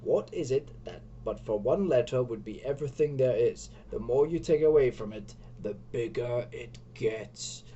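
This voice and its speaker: Stone wall monster, male, slow drawn-out riddler in a put-on accent, low-key dark tone, a man voicing it for a storybook read-along. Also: lively intonation, highs cut off, slight background noise, lightly acted. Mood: riddling.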